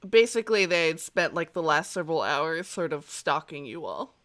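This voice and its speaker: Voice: mid-range voice, expressive, moderate pace, fairly bright tone. A game master narrating a tabletop game in a casual, hesitant way with many fillers.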